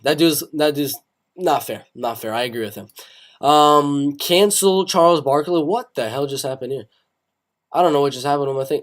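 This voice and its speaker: A young man hosting a casual live stream on fights, reading chat aloud and rambling with many repeated phrases. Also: fairly high pitch. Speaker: MMA live stream host.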